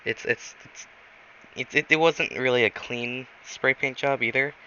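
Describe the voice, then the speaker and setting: Guy making up a story as he goes, slow and halting, muffled audio, faint noise. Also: medium pitch, fairly even intonation, pushed and bright. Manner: rambling, halting, many fillers. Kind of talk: improvised storytelling. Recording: dull lo-fi recording.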